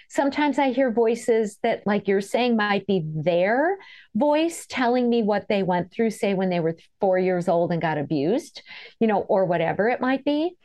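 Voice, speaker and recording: A middle-aged woman, an author and guest in an interview, telling stories in a chatty, animated way and laughing as she goes. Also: medium pitch. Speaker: author and energy healer guest. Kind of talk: casual storytelling interview.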